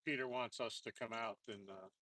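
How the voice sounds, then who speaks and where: A man co-hosting a casual live stream from a lake dock, giving short relaxed replies and chiming in. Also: mid-range voice, moderate pace, a little hiss or hum. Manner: laid-back, short replies and easy laughs. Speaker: co-host.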